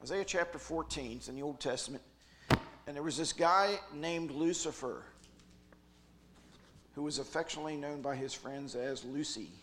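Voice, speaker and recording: A man speaking at a youth retreat, preaching a jokey, animated sermon with big swings in loudness. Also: fairly high pitch, moderate pace, long pauses, noisy background.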